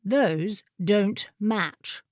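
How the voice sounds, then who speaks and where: A woman's voice: mid-range voice, extremely slow, dry recording, studio quality. Woman reading a breezy male wizard. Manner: breezy and offhand. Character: genial, brisk male court wizard. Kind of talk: audiobook character voice.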